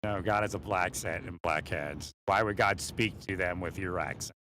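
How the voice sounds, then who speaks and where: A deep-voiced man rambles at normal speed from a moving vehicle, his tone pushed and bright over a little hiss or hum. This vlogger laughs often between thoughts and sometimes leans away from the mounted mic.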